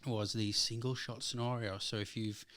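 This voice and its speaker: A man with a fairly low voice co-hosts a casual movie review. He rambles, restarts sentences and leans on ums as he gathers his thoughts. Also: level tone, moderate pace, a bit bright, dry recording, studio quality. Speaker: film review co-host. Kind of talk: casual film review chat.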